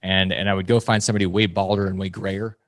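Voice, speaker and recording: A man in his forties speaking at a rapid clip in a fairly low voice, close and dry on the mic. He talks bluntly as a podcast guest, punching his points with sudden high, mocking quoted voices. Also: little pitch movement, dry recording. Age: 40s. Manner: emphatic, swings into loud mocking quotes. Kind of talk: fast, blunt podcast talk.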